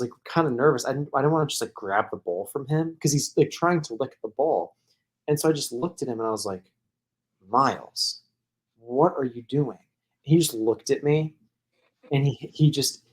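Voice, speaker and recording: Guy on a podcast rambling through a story, says like a lot, mid-range voice. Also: mid-range voice. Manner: rambling, heavy use of "like", laughs while telling. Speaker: podcast co-host. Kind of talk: casual storytelling chat.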